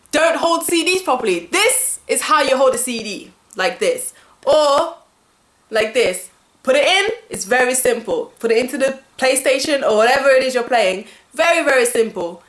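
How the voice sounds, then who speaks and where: Speaking directly to camera in a casual ranting vlog, a woman vents with animated exasperation and lots of fillers. Her voice is fairly high, and the room echoes.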